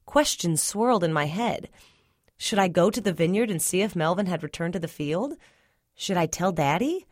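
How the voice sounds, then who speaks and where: A woman reading a short story aloud in a measured first-person narration. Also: on the low side, no room sound, clean studio sound. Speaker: story reader.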